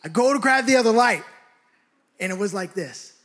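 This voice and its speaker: A young man from the Bay Area preaching a sermon, telling a lively personal story with shouts and laughter. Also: sits high, moderate pace. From San Francisco Bay Area.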